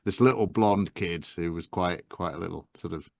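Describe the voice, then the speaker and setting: Male, 50s, softened Estuary English, modest, hesitant; low-ish voice, dry booth sound. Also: normal speed, vocal fry, no echo. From England, Medway Towns south of London. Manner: gentle, self-effacing, many fillers and restarts. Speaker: guest, actor and narrator. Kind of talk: casual interview talk.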